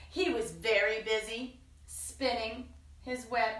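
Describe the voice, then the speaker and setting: Children's storyteller, woman, high lively voice, unhurried, sing-song, roomy echo with the mic at a distance. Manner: playful, sing-song, drops to soft whispers. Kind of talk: reading a picture book aloud to children.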